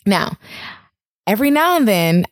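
A young woman with a New York accent co-hosts a casual podcast, telling her stories candidly and laughing often. Her voice sits at a middle pitch, and the recording is dry and close, with no room sound. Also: sing-song, unhurried, no room sound. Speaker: podcast co-host. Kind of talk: casual chat.

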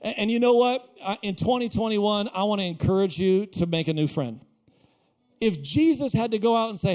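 High-voiced, animated male pastor. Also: moderate pace. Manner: animated, jokey, acts out quotes. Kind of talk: sermon. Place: small church.

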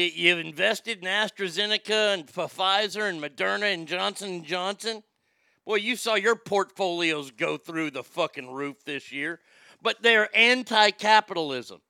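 A man's voice: sits high, measured pace, gravelly, pushed and bright, clear, resonant tone, dry recording, studio quality. A man hosting a live show, ranting about politics in a heated, sarcastic and profane way, often stammering and restarting when worked up.

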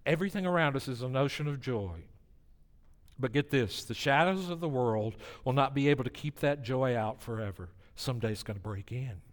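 A man preaching a sermon, swinging between hushed, solemn passages and emphatic, lively ones. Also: mid-range voice, fairly quick. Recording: long reverb of a large hall.

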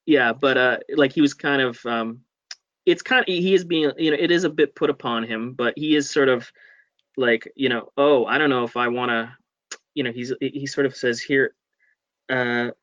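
A man's voice: mid-range voice, normal speed, fairly bright tone, dry recording, muffled recording. A man guest on a casual comic-book podcast, talking hesitantly with many fillers and hedges.

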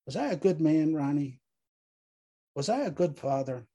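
A man voicing a guilt-ridden young soldier who speaks in a halting, despairing way. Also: on the high side, animated, mellow.

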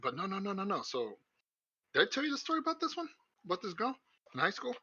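A man's voice: high-pitched, huge pitch swings, fast, sharp tone, breathy edge, no echo. A young man co-hosting a podcast, rambling through crude stories with lots of swearing and laughter. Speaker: podcast co-host. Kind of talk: casual chat. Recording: muffled lo-fi recording.

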